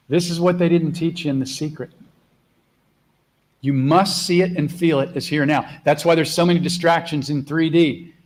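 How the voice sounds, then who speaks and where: A man hosting a live spiritual coaching call, speaking earnestly and stretching words out slowly for emphasis. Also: a little high, poor audio. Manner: drops to a soft hush when speaking affirmations. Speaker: host and spiritual mentor.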